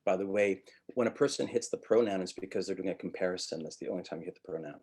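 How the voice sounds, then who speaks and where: A middle-aged man from Montreal teaches acting in a relaxed webinar lecture. His speech rises and falls in a very melodic way, and he breaks into little vocal demonstrations to make his points. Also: sits low, fast, slightly rough.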